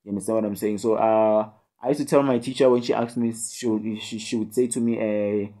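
A man's voice: lowish voice, steady tone, fairly quick, mellow. Chatty young South African man tutoring. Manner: chatty, scolding and joking, with many fillers and tag questions. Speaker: online tutor. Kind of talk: casual video tutorial.

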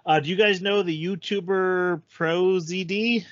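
A man's voice: high-pitched, steady tone, a little slow, no echo, highs cut off. A man hosting a podcast in casual chat, rambling with many restarts and fillers. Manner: rambling, repeats words, frequent fillers. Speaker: podcast host.

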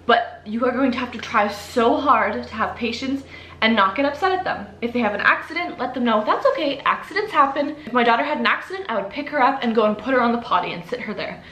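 Brief: young woman, slightly high voice, chatty upbeat vlogger giving home advice, echoey room. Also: fast talker, a bit bright, a little hiss or hum. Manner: chatty, upbeat, lots of "like" and "you know". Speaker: parenting vlogger. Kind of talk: casual advice talk to camera.

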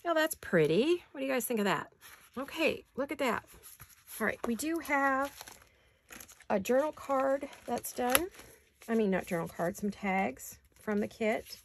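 A woman's voice: on the high side, animated, a little slow, a little hiss or hum. A middle-aged woman chatting casually as she crafts, thinking aloud and laughing often. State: hiccuping. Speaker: craft vlogger. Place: home craft studio.

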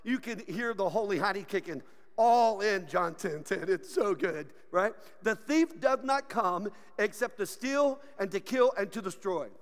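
A man preaching a sermon as pastor, animated and joking, often laughing. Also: high-pitched, long reverb tail. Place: church sanctuary.

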